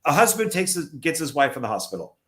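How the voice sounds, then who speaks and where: A man's voice: on the high side, sing-song, fast talker, fairly bright tone. A man on a podcast casually recounting a film plot at length, often stumbling and restarting his sentences. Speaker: podcast co-host. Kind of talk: casual movie review chat.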